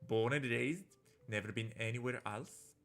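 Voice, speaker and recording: A man's voice: unhurried, fairly bright tone, soft background music. A man voicing a shy, guarded young farmer of few words, who talks in clipped, plainspoken phrases. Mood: reserved. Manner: clipped, low-key, plainspoken.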